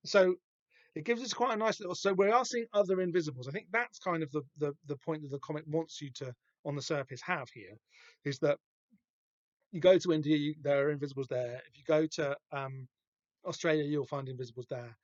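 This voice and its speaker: A man hosting a podcast, talking through a comic book in a rambling, halting way with lots of fillers and restarts. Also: on the high side, no echo. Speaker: podcast host. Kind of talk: casual comic book discussion. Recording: dull, dry lo-fi podcast recording.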